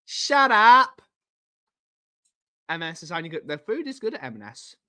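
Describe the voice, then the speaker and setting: A man's voice: a little high, huge pitch swings, quick pace, fairly bright tone. A young man hosting a live stream, rambling casually and answering viewers by name as he reads the chat aloud. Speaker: livestream host reading chat.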